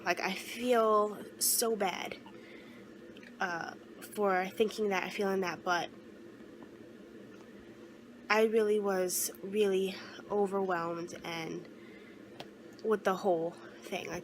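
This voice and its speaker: A young woman vlogger telling a personal story in an earnest, halting way, often restarting her sentences and close to tears. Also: medium pitch, a bit bright, slight background noise, poor audio.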